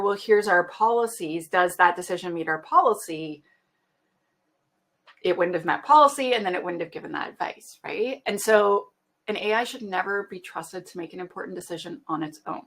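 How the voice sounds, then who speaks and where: A woman's voice: mid-range voice, a bit bright. A Canadian woman presenting a webinar in a chatty, casual way, laughing often and using lots of fillers.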